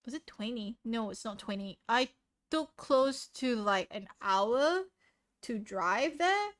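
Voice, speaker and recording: High-voiced giggly woman streamer. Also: expressive, slow. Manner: giggly, rambling, self-deprecating. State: sniffly from sneezing. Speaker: livestream host. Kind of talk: casual chat with viewers. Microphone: desk microphone with noise suppression.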